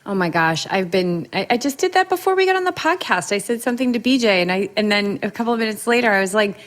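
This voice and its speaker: A woman hosting a podcast, talking in an animated, quick and chatty way. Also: medium pitch. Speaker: podcast host. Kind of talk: conversational interview.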